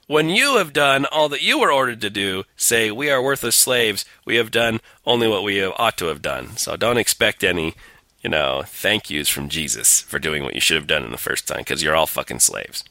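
A man's voice: fairly low pitch, animated, moderate pace, pushed and bright, dry recording. A man co-hosting a casual talk show, sardonic and profane, reading scripture aloud in mock-dramatic tones. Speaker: podcast co-host.

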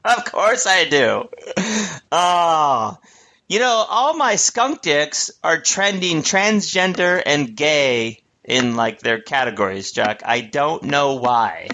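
A man's voice: fairly high pitch, lively intonation, takes it slowly, pushed and bright. A man co-hosting a podcast, chatting casually and mockingly, cursing and laughing often. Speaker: podcast co-host. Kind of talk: casual comedic commentary.

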